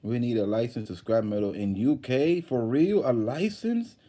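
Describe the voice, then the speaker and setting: Rambling, mellow-voiced man hosting a livestream. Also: medium pitch, moderate pace. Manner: rambling storytelling with many restarts and fillers. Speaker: livestream host. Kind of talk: casual livestream chat, reading viewer comments.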